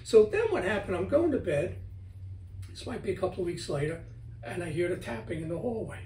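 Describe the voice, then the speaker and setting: A middle-aged man with a notably high voice chats at home as an interview guest. He tells his stories with animation and acts out his own words. He sits a little back from the mic in an echoey room with faint ambience behind him. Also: lively intonation, fairly quick, mellow, a little hiss or hum. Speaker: guest author on spirits. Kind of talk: casual interview chat. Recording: roomy, from a distance, faint ambience.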